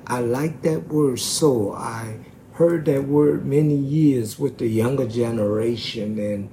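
A man preaching a sermon slowly and emphatically, stretching out key words. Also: medium pitch, mellow, a little hiss or hum.

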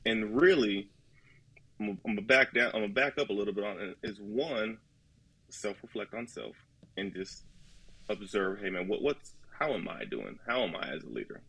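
A man's voice: on the low side, animated, moderate pace, creaky, a bit bright, husky, poor audio. A man in casual podcast talk about ministry, earnest and folksy, acting out little dialogues. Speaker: ministry leader guest.

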